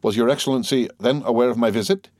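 A man's voice: medium pitch, fast talker, a little mellow, no echo, studio quality, voice pushed up, close to an everyday voice. A man reading the part of a timid, fawning old Italian ex-major in an audiobook, with a hesitant, eager manner. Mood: eager, anxious.

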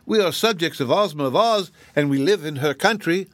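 Guy doing a prissy high pompous rabbit doorkeeper, sharp and fussy, dry sound. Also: expressive, fairly quick, no echo, natural voice. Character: pompous, sober male white rabbit gatekeeper.

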